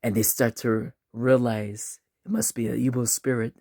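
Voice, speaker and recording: A man's voice: medium pitch, little pitch movement, normal speed, warm tone, dry recording, clean studio sound. A man casually telling a spooky, funny story in a laid-back, chatty way, acting out the voices as he goes.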